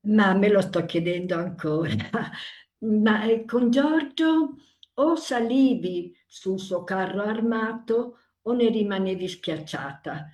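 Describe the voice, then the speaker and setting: An older woman recalling a painful time, emotional and pausing as she speaks. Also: medium pitch, lively intonation, a little mellow. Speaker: interview guest. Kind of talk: emotional personal recollection.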